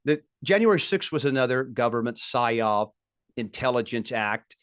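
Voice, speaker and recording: A man hosts a political commentary show in a dry, close-miked monologue. His voice sits in an ordinary middle pitch. He piles up indignant points in emphatic, rising bursts. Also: lively intonation, moderate pace, fairly bright tone, smooth, dry recording.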